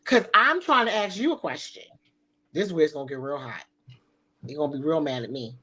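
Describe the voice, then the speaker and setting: A woman's voice: sits low, expressive, a little fast, pushed and bright. A middle-aged woman hosting a talk show, speaking bluntly and sassily with frequent swearing. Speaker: podcast host. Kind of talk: provocative casual talk.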